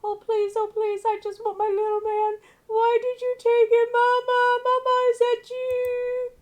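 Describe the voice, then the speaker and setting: A woman voicing a frightened little ghost boy who stammers and pleads in a high, childlike voice. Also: flat delivery, a little slow. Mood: tearful.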